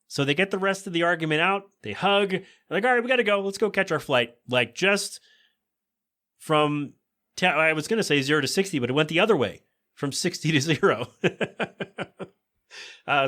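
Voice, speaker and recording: A man hosting a podcast, recapping a sitcom episode in a casual, joking way and quickly voicing the characters' lines. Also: mid-range voice, pushed and bright. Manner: chatty, joking asides, quick quoted voices of characters. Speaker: podcast host.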